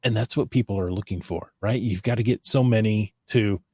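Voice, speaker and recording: A man's voice: lowish voice, a little fast, darkish tone, breathy edge, no room sound, studio quality. A man hosting a casual podcast chat, talking loosely with restarts and easy laughter. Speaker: podcast host.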